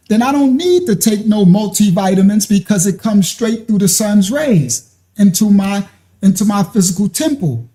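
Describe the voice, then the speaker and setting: Man, casual storyteller, high and warm-toned, laughs a lot through his anecdotes. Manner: animated, laughing often. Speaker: ministry speaker.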